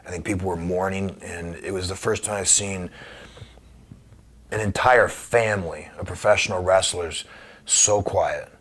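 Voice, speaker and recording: A middle-aged former wrestler tells stories in an interview, acting out the dialogue with energy. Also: male voice, low-pitched. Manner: animated storyteller, acts out dialogue; subdued and halting on somber memories. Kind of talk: conversational storytelling.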